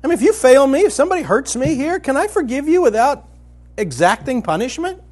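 A man teaching from the Bible in a conversational, colloquial style, telling the story vividly and swinging from loud to hushed. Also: very high-pitched, very animated, fairly quick. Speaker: preacher.

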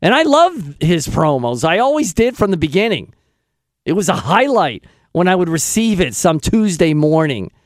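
An excitable radio host man with a high, lively voice that swings all over. He talks in a self-deprecating way, dry and close to the mic. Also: moderate pace, no echo. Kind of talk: casual radio chat.

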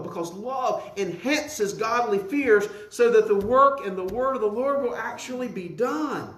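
A man's voice: high-pitched, measured pace, hardly any pauses. A man preaching a sermon as pastor. He speaks with animation, repeats words as he builds each point and asks the congregation to answer him. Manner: animated preaching with call-and-response questions to the congregation. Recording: echoey room.

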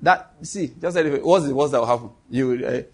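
A middle-aged man, preaching a sermon to a congregation and leading call-and-response, animated and quick to laugh. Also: mid-range voice. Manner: animated, laughs often, shifts to quoted voices. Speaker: pastor. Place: church hall before a congregation.

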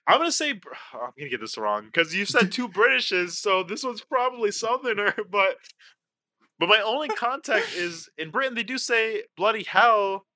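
A young man co-hosting a casual comedy podcast, rambling and self-deprecating, with a lively, joking delivery. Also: high-pitched, moderate pace, dry recording. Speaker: podcast co-host.

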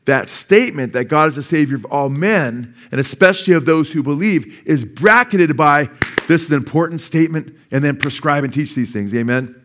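A man's voice: on the high side, expressive, normal speed, few pauses, fairly bright tone. Man of sixty preaching with call-and-response. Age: 60s. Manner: asks the congregation questions and waits for the answer; repeats key phrases for emphasis. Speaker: pastor. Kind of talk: sermon. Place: church service.

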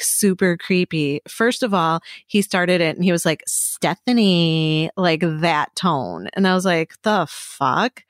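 A woman co-hosting a podcast, telling stories in an animated way and swearing freely. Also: on the low side, no echo, studio quality. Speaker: podcast co-host. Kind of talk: casual chat. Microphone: studio microphone.

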